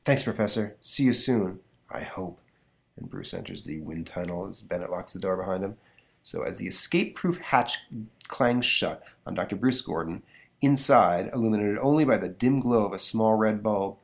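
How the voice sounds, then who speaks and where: A man's voice: lowish voice, normal speed, creaky. A man hosting a comic book podcast, casually summarizing a comic's panels and laughing often between the lines he reads. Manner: chatty, laughs often, hesitant fillers while summarizing. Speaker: podcast host.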